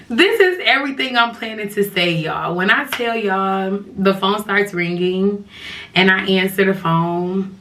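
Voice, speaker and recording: A woman's voice: mid-range voice, slow, pauses often, fairly bright tone, recorded from a distance, slight background noise. A woman casually telling a personal story to her viewers, chatty and full of slang, often turning to them directly. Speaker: storytime vlogger.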